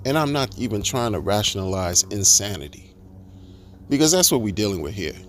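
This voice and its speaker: A man's voice: lowish voice, big pitch swings, a little fast, a little hiss or hum. A man ranting in a monologue, exasperated and sarcastic, firing off rhetorical questions and restarting his sentences. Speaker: crypto commentator.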